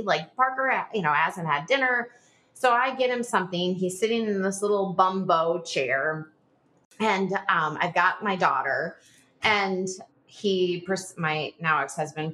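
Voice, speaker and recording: Animated woman retelling a hard story. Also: on the low side. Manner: animated, frequent filler "like", reenacts dialogue. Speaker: podcast guest. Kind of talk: personal storytelling in an interview.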